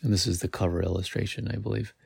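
Gravelly low-voiced man reading aloud. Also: fairly even intonation, quick pace, darkish tone, no room sound. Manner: casual reading with slips and self-corrections. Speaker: podcast host.

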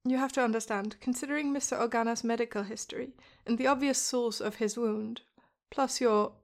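A woman reading as a soft, gentle hospital nurse. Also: on the high side, steady tone, close to an everyday voice. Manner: slow, gentle and careful.

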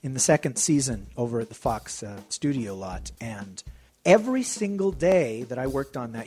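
A man's voice: mid-range voice, dark tone. An American man co-hosting a podcast in casual, jokey, rambling chat. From United States. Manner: chatty, jokey, digressive. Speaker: podcast co-host.

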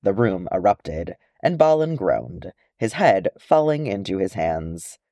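A man reading a story aloud with expressive delivery. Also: low-pitched, slow, no room sound, lo-fi sound. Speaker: audiobook narrator. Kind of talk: reading fan fiction aloud.

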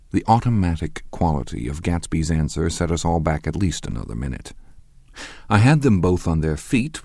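A man narrating an audiobook in a measured, wry storytelling manner. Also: low-pitched, a little mellow, no echo, studio quality. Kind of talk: scripted narration.

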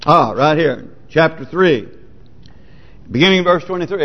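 A man with a high voice delivers a sermon, reading scripture aloud and repeatedly asking the congregation whether they are with him. The lo-fi recording is muffled, and a long church reverb trails after each phrase. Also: lively intonation, normal speed. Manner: asks the congregation rhetorical questions; reads scripture aloud with emphasis. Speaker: pastor.

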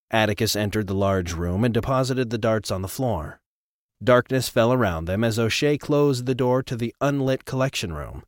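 A low-voiced man narrating a thriller audiobook, with a lively, swinging pitch that rises and falls with the action. The recording is close and completely dry. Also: moderate pace, no echo. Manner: expressive, dramatic reading. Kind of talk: scripted narration.

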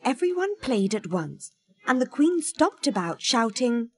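A woman narrating a children's storybook in an expressive, measured way. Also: fairly high pitch, breathy edge.

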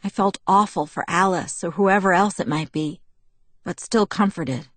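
Woman audiobook narrator, lowish voice, dry close recording, steady first-person telling. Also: moderate pace, dry recording.

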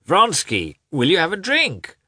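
Guy putting on a high whiny hungover young officer, lazy and teasing, bounces all over. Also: huge pitch swings, measured pace, pushed and bright, slightly rough, no echo, clean studio sound, heavily acted. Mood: playful. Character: groggy hungover young male officer, playful.

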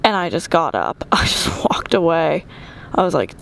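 Young woman rambling through a story, gravelly voice, swears a lot, whispers bits, faint noise behind. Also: low-pitched, sing-song, normal speed. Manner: chatty, profane, often whispering asides. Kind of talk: casual storytelling.

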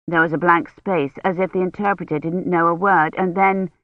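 An audiobook narrator reading a story in a measured, even storytelling manner. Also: medium pitch, dry recording. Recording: dull, lo-fi dry recording.

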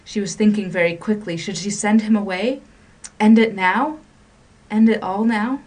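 A woman hosting a radio storytelling program, reading a story with expressive narration. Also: mid-range voice, moderate pace, distant mic. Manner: expressive, shifting pace and volume with the drama.

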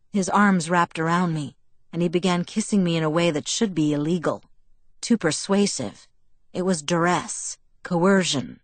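A woman narrating a first-person novel in a steady, intimate storytelling manner. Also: fairly low pitch, normal speed, no echo. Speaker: audiobook narrator.

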